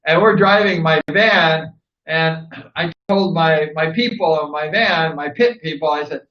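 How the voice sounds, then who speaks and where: A man from Southern California who hosts, telling animated stories casually to camera, laughing often and acting out old conversations. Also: a little high, measured pace, echoey room, dull audio. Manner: animated, laughs often, acts out past dialogue. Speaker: host, former motorcycle racer.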